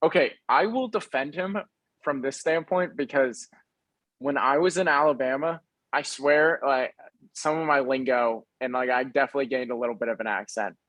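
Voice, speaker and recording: A man's voice: medium pitch, normal speed, a bit bright, dry recording, poor audio. Laid-back young man chatting about sports. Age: young adult. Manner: rambling, laid-back, lots of fillers. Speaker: podcast co-host. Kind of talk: casual sports chat.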